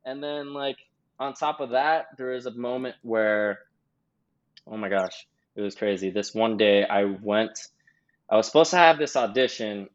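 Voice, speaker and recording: A man's voice: lowish voice, moderate pace. A man in his twenties, a podcast guest, telling a long story in casual chat with lots of "like" fillers. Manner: rambling, heavy on "like". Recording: slightly dull lo-fi sound.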